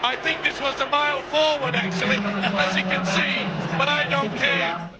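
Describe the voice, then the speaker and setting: A man commentating live on a match, excitable and laughing between calls. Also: extremely high pitch, moderate pace, very noisy.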